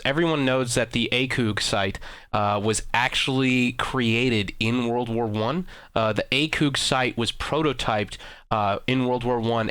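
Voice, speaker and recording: Smooth deadpan male gaming commentator. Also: medium pitch, no echo. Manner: deadpan mock-arrogant boasting. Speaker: gaming YouTuber host. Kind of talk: sarcastic video commentary.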